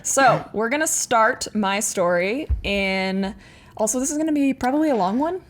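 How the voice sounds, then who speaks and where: A woman's voice: fairly high pitch, lively intonation, normal speed. A woman co-hosting a podcast, chatty and laughing often as she tells a history story into a microphone. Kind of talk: casual chat, telling a history story.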